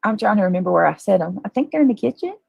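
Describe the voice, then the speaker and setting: A woman's voice: medium pitch, animated, very fast, gravelly, a little mellow, slightly rough, no echo. A woman hosting a casual livestream, chatting effusively and greeting viewers from the comments.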